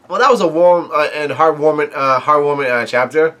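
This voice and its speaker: A man's voice: fairly high pitch, fairly quick, hardly any pauses, a bit bright. A man casually recapping and reacting to a comic chapter, rambling with many fillers and restarts and coughing now and then. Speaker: manga reaction host.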